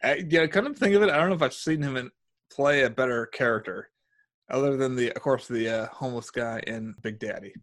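A man's voice: mid-range voice, brisk, a bit bright. A man co-hosting a casual film review chat, reflective and a bit hesitant, often repeating words. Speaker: podcast co-host.

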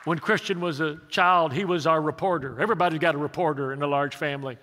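An older male pastor in his sixties delivers an emphatic sermon, his voice high and forceful. He keeps turning to the congregation with questions. The sound carries a long reverb from a large church hall. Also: fairly even intonation, quick pace, a little hiss or hum.

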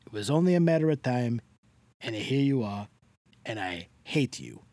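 A man's voice: medium pitch, very animated, moderate pace, mellow, no room sound, voice pushed down. A man on a podcast putting on a comic voice as a doting, effusive Italian-American greeter who talks in an over-the-top welcoming way. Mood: gushing. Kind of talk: comic character bit on a podcast.

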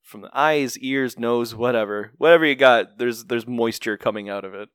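A man's voice: mid-range voice, normal speed, fairly bright tone, smooth, dry recording, clean studio sound. A man casually recapping an anime episode with a co-host, rambling and joking as he goes. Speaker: podcast co-host.

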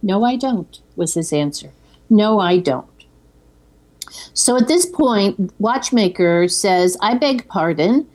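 A woman co-hosting a podcast chats casually while recapping a film, retelling scenes and acting out the quoted lines. Her voice is medium-pitched and a little mellow, slow in pace with lively intonation.

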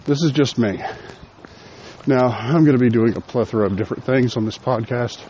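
Here a podcast host chats through his casual solo episode while out on a walk, slightly breathless and poking fun at himself. His medium-pitched voice is warm and brisk. The audio has its highs cut off, with slight background noise.

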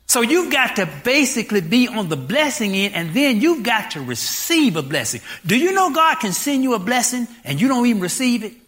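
Pastor, 60s, preaching; bright, lively delivery with rhetorical questions. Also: mid-range voice, moderate pace, hardly any pauses. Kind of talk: sermon.

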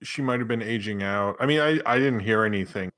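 A man's voice: fairly low pitch, a little fast. A man co-hosting a podcast, chatting casually with lots of fillers and restarts. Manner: rambling, filler-heavy, lively. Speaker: podcast co-host. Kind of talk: casual chat.

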